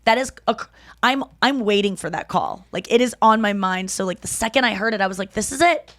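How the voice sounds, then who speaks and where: Woman in her 30s on a podcast, talks fast and raw, loud when she quotes people, swears a lot, dry close sound. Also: mid-range voice, no room sound. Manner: emotional storytelling, acts out loud quotes, swears freely. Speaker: podcast host. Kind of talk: casual chat.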